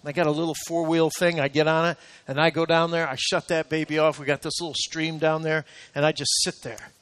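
A man preaching a sermon, rising to loud emphatic peaks and then dropping to quiet, intimate talk. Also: on the high side, flat delivery, brisk, in a large hall. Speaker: pastor. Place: church sanctuary.

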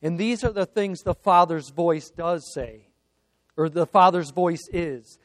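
Slow-preaching high-voiced man. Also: no room sound. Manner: preaching with rising emphatic repetition. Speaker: pastor. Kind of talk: sermon.

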